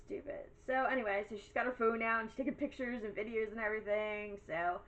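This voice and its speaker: A woman's voice: on the high side, fairly even intonation, fast talker, a bit bright, muffled recording. A woman vlogger telling a story in a blunt, sarcastic, exasperated rant, rambling through asides. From Italian heritage.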